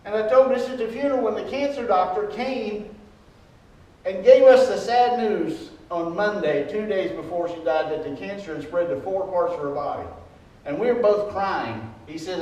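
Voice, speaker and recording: A man's voice: high voice, unhurried, a little mellow. An older man preaching a personal, conversational sermon as the pastor of a church. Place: church sanctuary. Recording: echoey church, distant mic.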